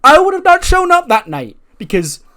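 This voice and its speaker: A man's voice: very high-pitched, huge pitch swings, normal speed, pushed and bright, voice pushed up, exaggerated voice. A man voicing a proud veteran female wrestler who scolds in emphatic bursts. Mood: angry.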